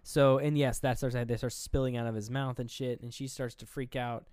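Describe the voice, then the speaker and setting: Smooth, dry-voiced man recapping a film. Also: mid-range voice, flat delivery, moderate pace, darkish tone, dry recording. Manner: rambling, profane, acts out scenes in quoted voices. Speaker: podcast co-host. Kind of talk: casual chat recapping a film.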